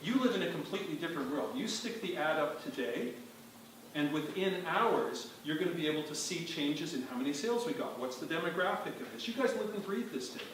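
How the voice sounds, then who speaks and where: Guy giving a conference talk, wry and punchy, higher voice, big echoey hall, far from the mic. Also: animated, brisk, fairly bright tone, a little hiss or hum. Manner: emphatic, wry, quizzes the audience. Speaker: conference speaker. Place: large hall with audience.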